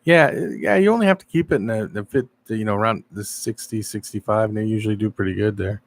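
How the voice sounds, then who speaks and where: A man hosting a casual live stream, telling animated stories and answering viewers' chat. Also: on the low side, quick pace. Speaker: live-stream show host.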